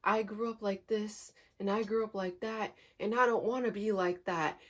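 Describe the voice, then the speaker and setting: Woman quietly playing a hushed, pleading boyfriend. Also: medium pitch, steady tone, normal speed, natural voice. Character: pleading young boyfriend, apologetic and manipulative.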